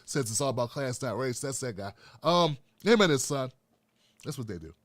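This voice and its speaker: A man's voice: medium pitch, animated, moderate pace, no room sound, clean studio sound. A man hosting his own show, delivering a heated political commentary rant full of constant swearing. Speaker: host.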